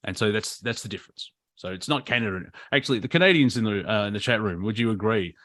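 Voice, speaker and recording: This is an Australian man co-hosting a casual comedy chat over a video call. His voice sits low and sounds close and dry. He rambles into rants, stopping and restarting with plenty of fillers. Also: quick pace, fairly bright tone, no room sound. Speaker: comedy show co-host.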